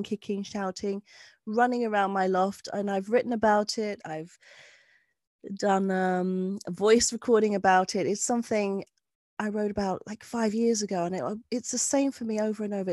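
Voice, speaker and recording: A woman's voice: medium pitch, darkish tone, no echo. A woman guest who works with clients, giving earnest, frank advice in a podcast conversation. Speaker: guest therapist speaking of clients.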